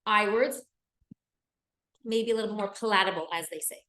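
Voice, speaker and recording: A woman's voice: mid-range voice, normal speed, a bit bright, echoey room, poor audio. A woman teaching a class in an earnest, emphatic lecture style, often repeating key words for stress.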